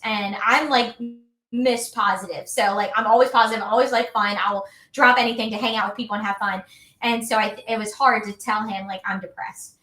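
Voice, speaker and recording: A woman's voice: a little high, steady tone, brisk, bright, forceful tone. A woman in her thirties, a wellness coach, talking in a chatty, upbeat way full of fillers as a podcast guest. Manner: chatty, upbeat, many fillers like "like" and "you know". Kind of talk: casual podcast conversation. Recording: roomy echo.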